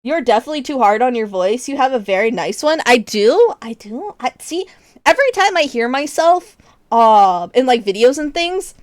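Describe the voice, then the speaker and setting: A young adult woman streamer chatting casually with her viewers, expressive and laughing often, with casual swearing. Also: high voice, normal speed, dry recording, studio quality.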